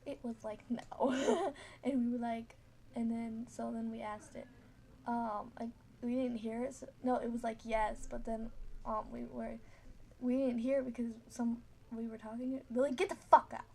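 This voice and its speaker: A woman's voice: a little high, flat delivery, moderate pace, creaky, dark tone, a little hiss or hum. A teenage girl telling a story casually, rambling with many fillers and frequent giggles.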